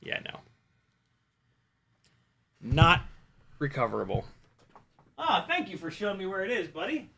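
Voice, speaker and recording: A man chatting casually while flying a drone on a live stream, excitable, laughing and swearing, talking to his dog. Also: high-pitched, a little slow, vocal fry, pauses often, a crowd in the background. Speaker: FPV drone pilot and streamer.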